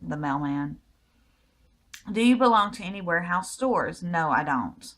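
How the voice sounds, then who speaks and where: Laid-back Southern American woman, low voice. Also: expressive, unhurried, a bit bright. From United States. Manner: easygoing, rambling answers with frequent ums. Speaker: vlogger. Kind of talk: casual Q&A vlog.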